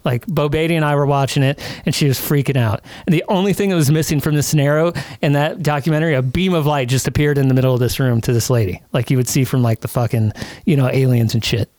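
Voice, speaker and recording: A man's voice: mid-range voice, fast, few pauses, a little mellow, no room sound. Profane storytelling podcast host, man. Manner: profane, laughing while telling a story. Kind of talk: casual storytelling chat. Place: podcast studio.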